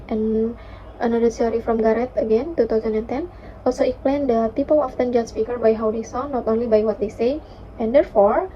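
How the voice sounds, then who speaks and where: A young woman reads her class presentation slowly and with care, often restarting her words and filling pauses. Her voice sits a little high but sounds dark and mellow. The recording is dull and lo-fi, with a faint hiss behind her. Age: young adult. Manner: careful, halting reading with restarts and fillers. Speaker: student presenter.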